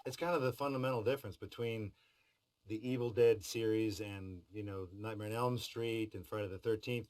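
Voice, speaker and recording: Wry low-voiced man cracking jokes. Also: poor audio. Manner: wry, joking asides. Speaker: voice actor in behind-the-scenes feature. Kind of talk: interview talk.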